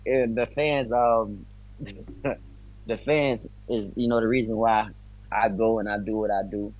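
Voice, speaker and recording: A man's voice: on the low side, fairly even intonation, a little slow, dull audio. A man, a bare-knuckle fighter from the US, chatting as a guest on a video call, friendly and talkative, with loose slang. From United States. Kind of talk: casual interview chat.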